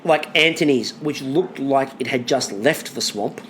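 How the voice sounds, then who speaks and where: A man co-hosting a podcast in casual chat, animated, swearing freely and listing things off. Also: medium pitch, unhurried, a little hiss or hum. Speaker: podcast co-host.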